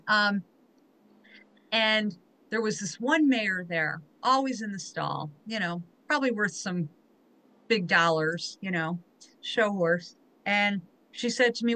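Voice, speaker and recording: A woman with a bright, forward tone hosts a conversational interview. She tells her stories in a heartfelt, emotional way. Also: mid-range voice, unhurried, low-quality recording. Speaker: podcast host.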